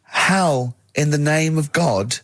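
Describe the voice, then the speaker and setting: A man's voice: a little high, slow, fairly bright tone, dry recording. A man co-hosting a radio show, arguing and joking in casual banter. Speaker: radio co-host. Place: radio studio.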